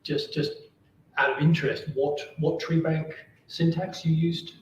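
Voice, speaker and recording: A man chairing an academic seminar and asking questions, halting, with many fillers and repeated words, over a video call. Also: a little high, steady tone. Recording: distant, roomy, dull and lo-fi, faint noise.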